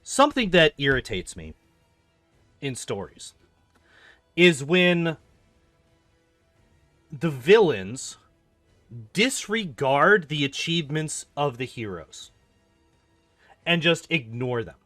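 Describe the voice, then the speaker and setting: Bright, animated young male streamer. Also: a little high, slow pace, pauses often, dry recording, soft background music. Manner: animated ranting, profane, lots of "like". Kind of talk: casual gameplay commentary.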